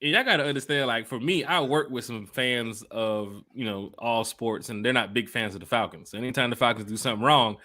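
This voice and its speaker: Man, podcast host, hyped and loud, bright forceful tone. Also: medium pitch, fairly quick, hardly any pauses. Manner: loud, hyped, talks to the live chat. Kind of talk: casual fan podcast chat.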